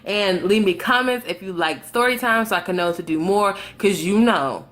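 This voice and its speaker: Dramatic, animated young woman storyteller. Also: mid-range voice, moderate pace. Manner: animated, dramatic, swears freely. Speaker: vlogger. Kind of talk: casual storytime vlog.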